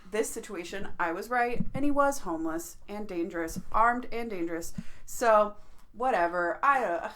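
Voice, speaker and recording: A woman with a Chicago accent, co-hosting a casual podcast and telling animated, profane stories. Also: medium pitch, moderate pace, a little hiss or hum. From American Midwest. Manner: animated, profane, laughing storyteller. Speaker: podcast co-host. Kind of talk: casual storytelling chat.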